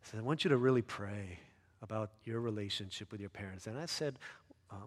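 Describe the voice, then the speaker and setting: A man preaching a sermon as a pastor, earnest, rising to loud emphatic peaks and dropping soft and low. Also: brisk, big-room sound.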